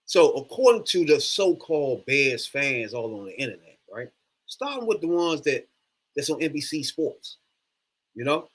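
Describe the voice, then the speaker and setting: Fired-up guy ranting into the camera, swearing a lot, voice jumping all over, kinda high. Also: moderate pace, husky. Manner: animated, profane, exasperated ranting. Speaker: sports fan vlogger. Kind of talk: casual ranting monologue.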